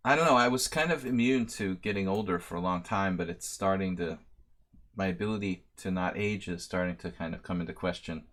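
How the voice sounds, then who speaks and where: Streamer, man, late thirties, lowish voice, rambling, self-deprecating jokes between game calls. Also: fairly quick, a bit bright. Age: 30s. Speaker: chess master giving a simul. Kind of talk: live-stream commentary.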